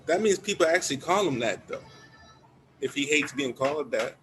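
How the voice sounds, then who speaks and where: A man's voice: fairly high pitch, lively intonation, moderate pace, background noise. A man cutting into a casual chat with friends, restarting his sentences. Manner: cuts in with stammered restarts.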